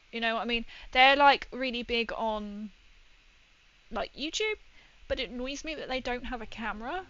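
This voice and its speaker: A woman's voice: a little high, moderate pace, a bit bright, muffled recording. A young woman streaming while painting miniatures, telling a rambling story in casual chat with lots of fillers. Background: faint background music.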